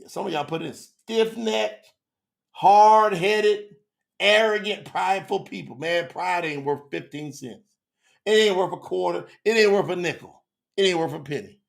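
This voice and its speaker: A man with a high, gravelly voice teaches scripture live. He preaches with fervour and keeps calling out to the people in his chat. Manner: fervent, preacherly, talks to the chat. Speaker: Bible teacher on a live stream.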